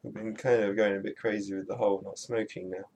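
A man's voice: on the low side, little pitch movement, fast, creaky, darkish tone, husky. A British man co-hosting a podcast, teasing his partner in a dry, blunt and crude way. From Britain. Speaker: podcast co-host. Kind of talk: casual banter.

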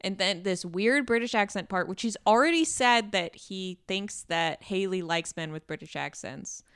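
A young adult woman hosting a podcast, chatting casually and telling animated stories with quoted voices. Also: medium pitch, normal speed, clean tone, no room sound, studio quality. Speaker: podcast host. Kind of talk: casual chat.

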